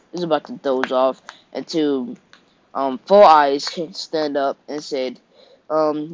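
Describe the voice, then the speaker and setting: A young man casually retelling an improvised fan story, rambling, correcting himself and dropping offhand asides. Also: on the high side. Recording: dull lo-fi recording.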